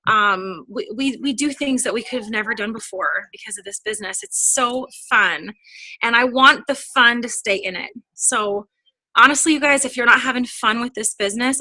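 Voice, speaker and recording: Woman, 30s, upbeat trainer, bright and slightly high voice, dry close sound. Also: dry recording. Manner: chatty and upbeat, acts out quoted dialogue. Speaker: direct sales team trainer. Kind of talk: casual motivational training talk.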